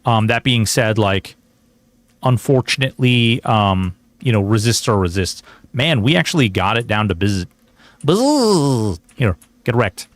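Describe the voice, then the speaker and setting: A man's voice: fairly low pitch, lively intonation, unhurried. A man streaming a game, chatting casually in a rambling, joking way and slipping into mock outrage. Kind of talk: casual gameplay commentary.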